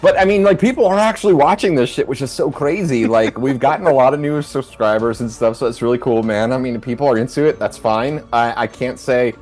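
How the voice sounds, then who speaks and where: A man's voice: medium pitch, fairly quick, few pauses, darkish tone. An American man running a tabletop game, chatting casually, rambling and swearing with lots of fillers. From United States. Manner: rambling, laughing, swearing freely. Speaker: game master.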